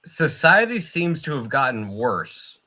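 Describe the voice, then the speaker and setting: Man with a bright, forceful tone, measured and thoughtful; casual stream co-host. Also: mid-range voice, very animated. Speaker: podcast co-host. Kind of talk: casual chat.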